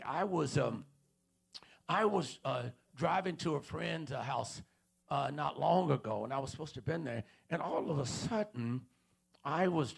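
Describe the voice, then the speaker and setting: A man's voice: medium pitch, creaky, breathy edge. A man preaching a sermon in a church auditorium, repeating questions and calling out to the congregation. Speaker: pastor.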